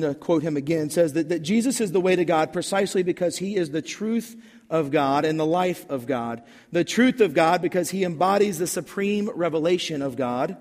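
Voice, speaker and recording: A man's voice: on the high side, a little mellow, big-room sound. A man preaching a sermon in a conversational style, telling a personal story and then building to emphatic points. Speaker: pastor.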